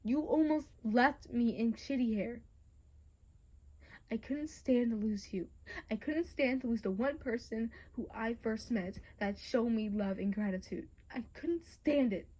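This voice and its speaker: A young woman voicing a gruff, hot-tempered teenage boy hero who swears and shouts, in a fan audio drama. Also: on the high side, measured pace, muffled recording. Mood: pleading. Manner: angry, swearing, raising voice.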